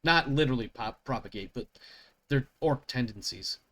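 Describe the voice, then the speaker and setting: A male game master narrates a tabletop campaign at a middling pitch. He rambles and keeps correcting himself, and he swears at his own slips. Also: lively intonation, normal speed, pushed and bright.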